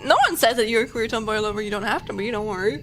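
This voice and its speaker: A woman's voice: fairly high pitch, rapid-fire, soft background music. A woman with a German accent, a VTuber host chatting casually and giggling while recapping a story game. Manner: giggly, rambling with many fillers. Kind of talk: casual game-stream chat.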